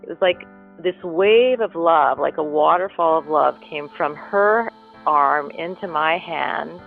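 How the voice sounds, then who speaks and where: This guest's voice is a little high, slow, and marked by vocal fry. He tells a personal story earnestly and reflectively, dwelling on his words, on a phone-like line with faint music behind him.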